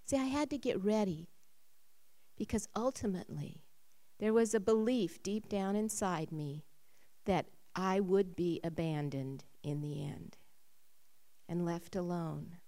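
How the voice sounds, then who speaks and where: A woman sharing a personal faith testimony. Her voice rises when she gets excited and drops low when she turns reflective. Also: unhurried. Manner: emotional storytelling, rising when excited and dropping low when reflective.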